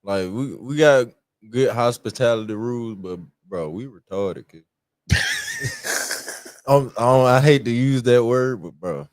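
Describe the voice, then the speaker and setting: A man's voice: mid-range voice, a little slow, a little mellow, no room sound, studio quality. A man with a Southern US accent cohosting a podcast, laughing often and talking profane slang. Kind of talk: casual podcast chat.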